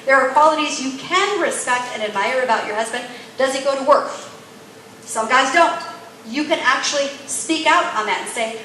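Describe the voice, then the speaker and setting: A woman gives a teaching talk to women in a lively, animated way, acting out bits of dialogue as she tells stories. Her voice sits high. The room around her rings with heavy echo, and a faint noise floor runs underneath. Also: normal speed. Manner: animated storytelling with acted-out dialogue and laughter.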